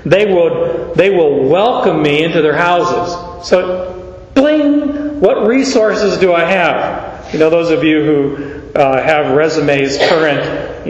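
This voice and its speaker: Male pastor, folksy sermon with stories, slightly high voice, echoey hall. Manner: folksy, anecdotal, animated. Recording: echoey hall, dull sound.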